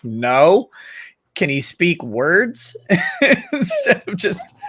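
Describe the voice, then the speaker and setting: A man's voice: mid-range voice, a bit bright. A man from Texas chatting casually as a guest on a live stream, rambling with jokey asides.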